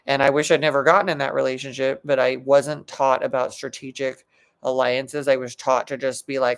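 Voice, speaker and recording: A woman's voice: very deep voice, flat delivery, normal speed. A middle-aged woman, a psychologist and coach, giving a motivational talk in an earnest, emphatic way, often restarting her sentences.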